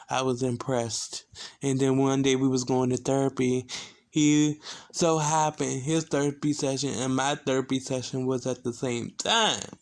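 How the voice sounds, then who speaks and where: A young man telling a casual storytime, animated and talking straight to his viewers. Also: medium pitch, unhurried. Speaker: vlogger.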